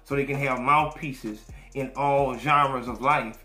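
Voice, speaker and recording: A man hosting a podcast who tells stories in casual, profane, animated talk and acts out what others said. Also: medium pitch, takes it slowly. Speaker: podcast host. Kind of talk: casual storytelling chat. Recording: echoey room, faint music.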